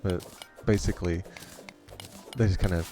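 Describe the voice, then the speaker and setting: A man's voice: sits low, fairly even intonation, moderate pace, music in the background. A man hosting a gaming channel, rambling through a story in a casual way and chuckling often between remarks. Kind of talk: casual storytelling over gameplay.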